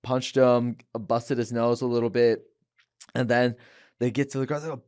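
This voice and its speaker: Animated young man telling a story. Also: mid-range voice, moderate pace. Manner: animated, acts out voices in his story. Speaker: guest, fighter. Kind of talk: casual storytelling. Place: podcast studio.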